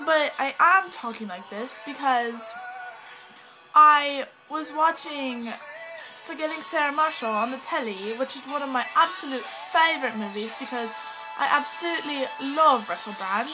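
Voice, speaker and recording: A woman's voice: high-pitched, moderate pace, low-quality recording. A woman vlogging in a put-on, mixed British accent, rambling in a giggly, scattered, dramatic way. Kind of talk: rambling casual vlog. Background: faint music.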